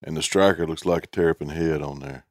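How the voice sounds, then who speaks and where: Very deep-voiced joking man. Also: steady tone, fast, no room sound, studio quality. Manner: joking, laid-back remarks. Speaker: podcast crew member. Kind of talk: casual podcast chat.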